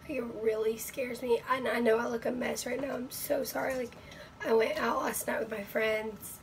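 A woman vlogs from her bedroom in a hoarse, nearly gone voice that sits a little high. She rambles with lots of fillers and keeps slipping into breathy whispers. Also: steady tone, normal speed, slight background noise, poor audio. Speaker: vlogger. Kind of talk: casual talk to camera.

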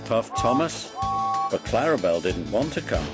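A man reads a children's railway storybook aloud in an unhurried way. His voice rises and falls widely as he tells the story. Music plays clearly in the background. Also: on the low side. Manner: slow, expressive reading. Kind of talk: storybook reading.

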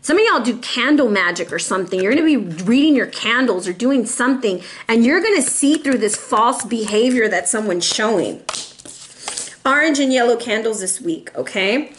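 A woman with a fairly high voice gives a casual tarot reading, chatting with her viewers and calling them y'all. Her delivery is loose and animated, and she drops in the odd Spanish word. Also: moderate pace, a little hiss or hum. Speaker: tarot reader.

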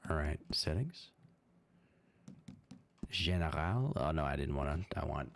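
A man doing casual let's-play commentary, excitable, swearing a lot, laughing often and talking to his character. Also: very deep voice, measured pace, creaky, pauses often. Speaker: gaming streamer. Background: game music.

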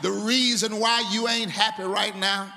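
A male pastor preaching a sermon in a large church. He shouts and rises into a sung cadence. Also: sits high, steady tone, unhurried, slight background noise. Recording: reverberant church hall, organ and crowd.

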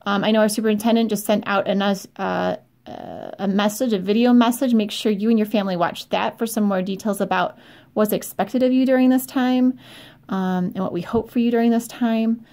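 A woman's voice: mid-range voice, steady tone, brisk, darkish tone. A middle-aged woman teaching French in a recorded remote lesson, explaining in a friendly way with fillers and check-ins.

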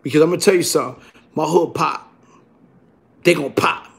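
A man from Brooklyn speaks in a raised, high register. He rambles in a raw street monologue, cursing freely and circling back with the same tag questions again and again. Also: brisk, vocal fry. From Brooklyn, New York. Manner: streetwise, profane, repeats "you heard?" tags. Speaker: vlogger.

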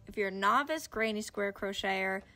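A woman's voice: medium pitch, normal speed, pushed and bright. A young woman chatting casually through a crochet tutorial, upbeat and full of slang. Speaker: crochet video host.

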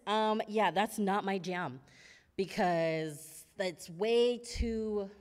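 A woman in her thirties preaches with a lively, swooping voice, telling candid, self-mocking stories and laughing often. Her voice rings with a long reverb in a church hall. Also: medium pitch. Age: 30s. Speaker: preacher at a women's midweek service. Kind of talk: sermon.

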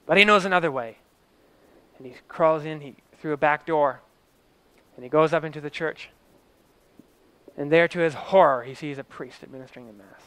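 A man's voice: on the high side, moderate pace, long pauses, a bit bright, smooth. A man telling a story in a vivid present-tense style, swelling and dropping his voice for drama.

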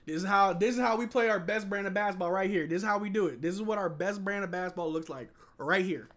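A young man streams a live watch-along and calls each play for his chat. His voice sits high and comes across bright and forward, and he keeps a running play-by-play that jumps from low muttering to excited yelling. His voice is strained and going hoarse. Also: fast talker. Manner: hypes and shouts at big plays, mutters between.

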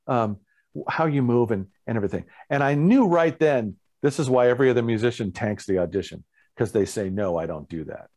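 Animated man telling a story. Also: medium pitch, fairly quick. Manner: animated, acts out other people's lines with laughs. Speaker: guest musician, bassist. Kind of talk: casual storytelling interview.

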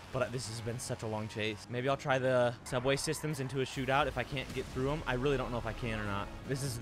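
A young man giving casual gameplay commentary as a streamer. He talks to himself, gets excited fast and yells out in bursts. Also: mid-range voice. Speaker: gaming streamer. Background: background music.

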